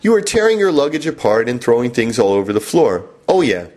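A man's voice: mid-range voice, very animated, a little fast, darkish tone, close to an everyday voice. A man voicing his own rational inner voice, lecturing himself in a matter-of-fact way.

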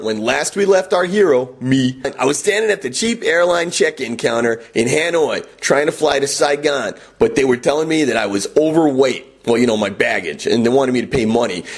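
A man hosting a podcast, telling a comic first-person travel story in a wry, animated way. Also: medium pitch, a little fast, hardly any pauses, husky.

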